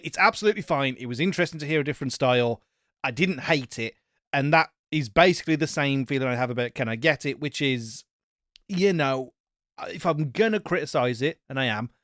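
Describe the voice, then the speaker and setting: A man at a middle pitch talks bluntly and jokes his way through an album review, swearing casually. The sound is dry and close on a podcast mic, with no room around it. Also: a bit bright, no room sound. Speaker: podcast co-host.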